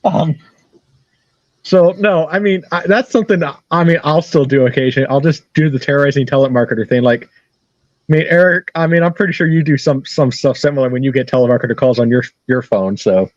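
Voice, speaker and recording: A man's voice: mid-range voice, fast, a little mellow, no room sound. Rambling man on a dull lo-fi recording. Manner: rambling, repeats phrases, laughs at own stories. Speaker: interview guest. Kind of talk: casual storytelling.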